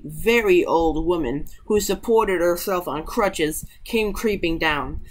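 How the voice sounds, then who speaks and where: A woman's voice: mid-range voice, a bit bright. A woman reading a fairy tale aloud in an unpolished way, stumbling and correcting herself now and then. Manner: unpolished, with slips and self-corrections. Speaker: reader.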